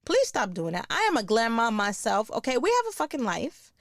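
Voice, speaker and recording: A woman's voice: on the high side, sing-song, a little fast, no room sound, clean studio sound. Blunt, foul-mouthed woman podcast host. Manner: blunt, swearing, laughing at her own jokes. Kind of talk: profane comedic rant.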